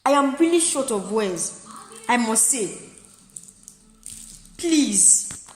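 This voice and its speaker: A woman's voice: a little high, lively intonation, slow, reverberant, long reverb tail. A woman vlogger making an impassioned, pleading appeal to mothers, repeating herself often. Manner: pleading, repeats herself, breaks off to tend her child. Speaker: vlogger giving advice to mothers. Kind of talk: impassioned direct-to-camera plea.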